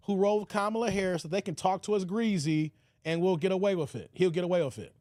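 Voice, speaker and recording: A man giving casual, teasing commentary on his own channel, slangy and quick to laugh. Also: sits high, dry recording, clean studio sound. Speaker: YouTube commentator.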